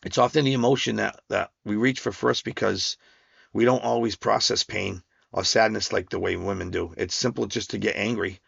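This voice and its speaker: A man's voice: on the low side, steady tone, normal speed, gravelly, a bit bright, breathy edge, dry recording. A man hosting a podcast, talking through a personal reflection in a rambling way with many restarts and fillers. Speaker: podcast host. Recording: dull lo-fi sound.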